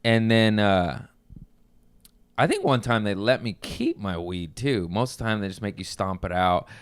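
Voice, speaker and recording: A man's voice: on the low side, very animated, normal speed, clear, resonant tone, no room sound. A man hosting a podcast, telling rambling stories in a loose, casual way with many restarts. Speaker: podcast host. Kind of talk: casual chat.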